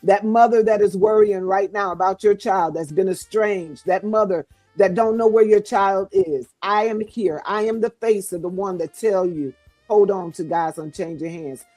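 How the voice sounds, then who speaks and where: A woman's voice: mid-range voice, normal speed, mellow, no echo, faint music behind. Fervent woman preaching encouragement. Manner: fervent, repetitive, declaring. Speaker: guest author.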